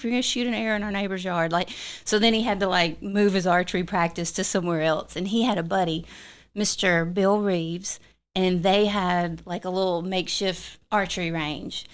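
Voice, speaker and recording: A young adult woman from Mississippi with a Southern American accent, telling stories as a podcast guest in a chatty, lively way. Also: on the low side, clean tone. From Mississippi, USA. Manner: chatty storyteller, lively and laughing. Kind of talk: casual conversation.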